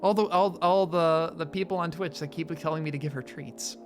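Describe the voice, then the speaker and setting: A woman chatting casually on a live stream, excitable and swearing freely, cooing at her dog between thank-yous. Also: sits low, a little fast, faint music behind.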